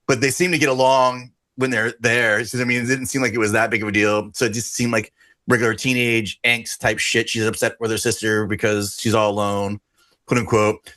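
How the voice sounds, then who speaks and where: A man's voice: on the low side, little pitch movement, a little fast, bright, forceful tone. A man co-hosting a horror podcast in casual chat, rambling with restarts and sarcastic asides. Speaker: podcast co-host.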